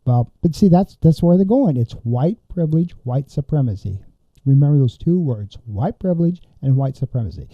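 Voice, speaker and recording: A man's voice: medium pitch, dry recording, dull audio. A man hosting a podcast, reading news reports aloud and commenting on them with open indignation. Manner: indignant, reads quotes then comments with outrage. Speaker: podcast host.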